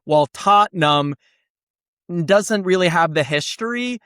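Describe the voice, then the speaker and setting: A man's voice: high-pitched, lively intonation, a little slow, sharp tone, smooth, dry recording, studio quality. A young man co-hosting a comedy show, chatting earnestly and arguing his point about football clubs. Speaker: co-host pitching a football club. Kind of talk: casual comedic chat.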